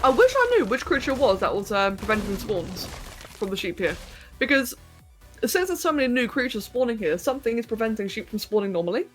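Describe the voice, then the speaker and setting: Chatty woman streamer, bright voice. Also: on the high side, big pitch swings, quick pace, soft background music. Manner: chatty, thinks aloud while playing and answers chat. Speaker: game streamer. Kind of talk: casual live-stream commentary.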